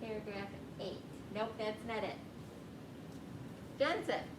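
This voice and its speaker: A woman's voice: medium pitch, slow, heavy background noise. A woman teacher leading a classroom reading lesson, guiding students with questions. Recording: echoey room with clear background ambience.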